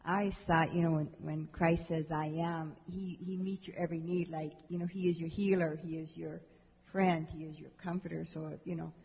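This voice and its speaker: A woman's voice: low voice, flat delivery, normal speed, creaky, breathy edge. A woman in a Bible study class, speaking up hesitantly and thinking aloud. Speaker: class member. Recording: distant, echoey hall, lo-fi.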